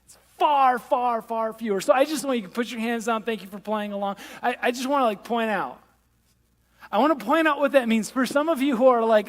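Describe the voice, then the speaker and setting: High-voiced man preaching in a hall. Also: fairly quick. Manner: conversational, self-deprecating humor, audience participation. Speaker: pastor. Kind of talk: sermon. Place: large church hall. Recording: long reverb of a church hall.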